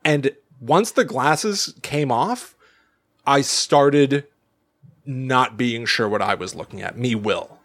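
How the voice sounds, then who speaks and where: A man of middle pitch tells a story on a podcast in loose, animated chat. He stumbles and restarts often and laughs through his own lines. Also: takes it slowly. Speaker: podcast co-host.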